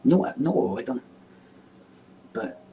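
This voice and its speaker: A man's voice: mid-range voice, sing-song, takes it slowly, warm tone, lo-fi sound. A Scottish man in his thirties hosting a webcam show, answering viewer questions in a blunt, sweary, exasperated rant. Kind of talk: casual ranting chat. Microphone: webcam mic. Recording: distant webcam mic with faint room noise.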